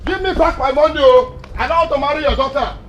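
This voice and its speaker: An angry Nigerian suitor, shouting, repetitive ranting, Nollywood film, echoey room. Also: male voice, very high voice, fast, distant mic, soft background music. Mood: furious. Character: furious jilted young man demanding refund. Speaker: angry suitor demanding money.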